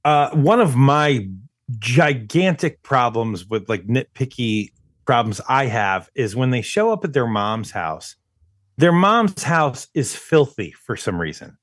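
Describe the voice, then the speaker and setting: A man's voice: mid-range voice, animated, slow, a bit bright, no echo, clean studio sound. A man co-hosting a movie podcast, talking casually with lots of stammering restarts as he picks apart a film. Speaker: podcast co-host. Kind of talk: casual movie review chat.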